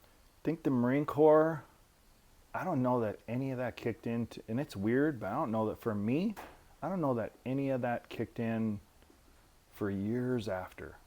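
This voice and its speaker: A man's voice: mid-range voice, moderate pace. Salty veteran man telling war stories. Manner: profane and animated, acts out quotes. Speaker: guest, military veteran. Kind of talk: casual storytelling.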